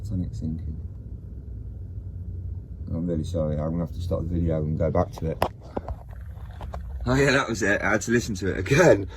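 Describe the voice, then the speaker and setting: A vlogger with a low voice rants at a brisk pace in a rambling, casual video monologue. He leaves long pauses and often interrupts himself mid-sentence. Noise fills the background.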